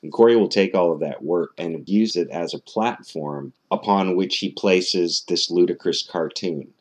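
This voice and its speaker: A man's voice: low voice, normal speed. A man giving a skeptical, sardonic commentary, with frequent "uh" fillers and restarts. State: out of breath.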